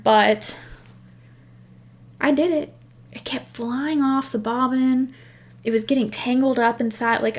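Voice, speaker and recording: Chatty woman rambling on her craft podcast, bit of a higher voice, self-deprecating. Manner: laughs at herself. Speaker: knitting podcast host. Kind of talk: casual chat.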